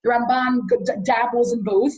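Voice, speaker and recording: A woman teaching a text study class, reading passages aloud and explaining them in a lively way while often questioning her students. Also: a little high, normal speed. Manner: lively, reads Hebrew then explains in English.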